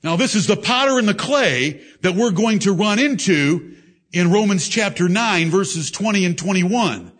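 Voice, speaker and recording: A man preaching a sermon to a congregation, reading scripture with emphatic, drawn-out delivery. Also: high voice, animated, fairly bright tone. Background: congregation responses.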